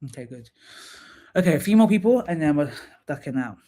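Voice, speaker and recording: A man's voice: on the high side, expressive, a little fast, dark tone. A man hosting a live stream, giving candid, chatty feedback and calling viewers by name. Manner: drops into sung snatches and playful asides. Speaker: live stream host reviewing profiles. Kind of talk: casual live stream chat.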